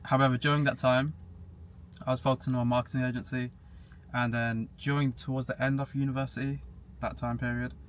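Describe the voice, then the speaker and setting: A young man guests on a podcast, speaking fairly quickly in a medium-pitched, flat voice. He's casual and matter-of-fact, now and then laughing at himself, with a faint hiss in the background.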